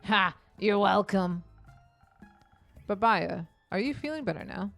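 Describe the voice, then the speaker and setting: A woman voicing a boisterous old southern woman patron in a tavern game, in a put-on Southern US accent, loud and theatrical. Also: medium pitch, expressive, unhurried, gravelly, soft background music. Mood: cheery.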